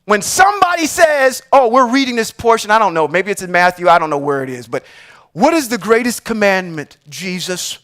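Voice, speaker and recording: Male livestream Bible teacher, higher voice, slow emphatic verse reading, conversational asides. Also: sing-song, a bit bright. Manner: reads verses slowly and emphatically, then comments with rhetorical questions; often checks in with "okay?". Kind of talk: reading and teaching scripture on a live stream.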